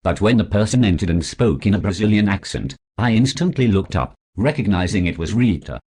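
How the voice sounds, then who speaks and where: A man's voice: on the low side, expressive, brisk, a little mellow, husky. A man narrating his own story in a formal, stiff storybook manner. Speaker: author narrator.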